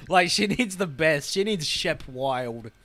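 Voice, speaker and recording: A man's voice: on the high side, animated, slow pace, a bit bright, slight background noise. A man co-hosting a movie podcast, teasing his partner and steering the show along. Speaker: podcast co-host. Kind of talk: casual banter about movies.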